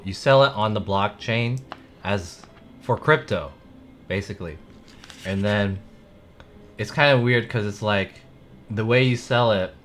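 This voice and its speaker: A man's voice: lowish voice, slight background noise. A man live-streaming and chatting casually with viewers, rambling with many "like" fillers.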